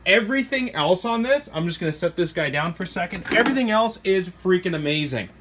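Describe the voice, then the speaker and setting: Excitable rambling man. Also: fairly quick, background noise. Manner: excitable, rambling, jumps to high squeals when thrilled. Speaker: hobby shop owner reviewing RC trucks. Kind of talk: casual product review.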